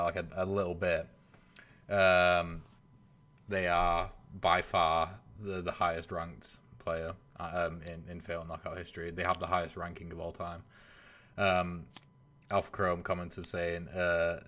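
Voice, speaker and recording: Brief: deep-voiced male host, loose rambling game commentary, lots of ums. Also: a bit bright. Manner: casual, rambling, many filler sounds. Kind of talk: live stream game commentary.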